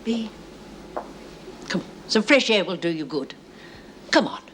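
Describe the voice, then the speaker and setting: A gentle female prisoner who frets over a friend, played by an actress. Her pitch rises and falls a lot. Clear hiss sits under the old TV soundtrack. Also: lively intonation, a little slow, close to an everyday voice. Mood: worried. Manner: fretful, gentle.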